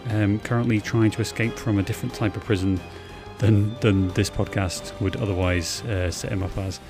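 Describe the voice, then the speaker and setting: A man's voice: on the low side, steady tone, normal speed, music in the background. A man co-hosting a casual movie podcast, joking and teasing his co-host and laughing often. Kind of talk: casual chat.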